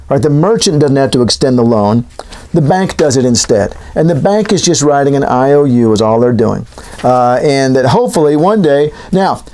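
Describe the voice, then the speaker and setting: A man's voice: a little high, darkish tone. A man teaching in a casual, joking lecture style, wandering into asides. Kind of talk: classroom lecture.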